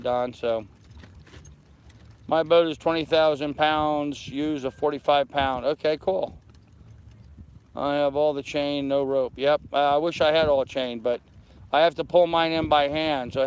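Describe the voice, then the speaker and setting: A man's voice: a little high, fairly even intonation, normal speed, smooth. An older man on a live stream from his anchored sailboat, talking to viewers through a handheld phone and answering their comments one by one. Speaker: sailing vlogger. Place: aboard a small anchored sailboat outdoors. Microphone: phone held in hand.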